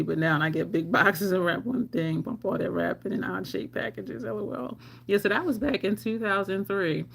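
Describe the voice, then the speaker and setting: On a live stream, a middle-aged woman casually tells personal stories, animated and laughing often as she acts out her own lines. Her voice is mid-range and gravelly, the style of a livestream storyteller.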